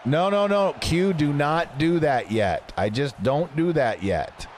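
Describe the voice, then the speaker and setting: A man's voice: on the high side, lively intonation, slow pace, a little hiss or hum. A man chatting casually with his live-stream audience while playing a game, joking and reading chat messages aloud. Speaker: gaming streamer.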